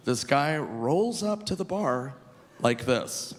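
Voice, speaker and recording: A male stand-up comedian performing live on stage, animated and shouting his punchlines high. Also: slow pace. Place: large live comedy venue. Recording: live hall with long reverb, faint crowd ambience.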